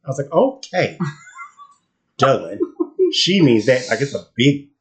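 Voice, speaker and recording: A man's voice: mid-range voice, big pitch swings, takes it slowly. A man co-hosting a podcast in casual chat, laughing often and teasing his co-host.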